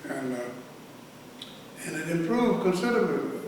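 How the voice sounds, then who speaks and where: Older man, former prison head, rambling oral history, slightly high voice, distant mic in a hollow room. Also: animated, a little mellow. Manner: rambling, halting storytelling with many restarts. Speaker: interviewee, veteran and former prison director. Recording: echoey room, mic at a distance, faint hiss.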